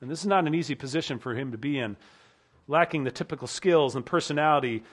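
A male pastor preaching a sermon earnestly, often dropping low and quiet to stress a point. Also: fast.

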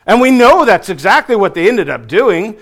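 A man with a high voice delivers a sermon. He pushes hard on key words, repeats phrases for weight and lets his voice sink at the close of each sentence. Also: sing-song, moderate pace, a bit bright. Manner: emphatic preaching, rising on key phrases and dropping low at line ends. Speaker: preacher.

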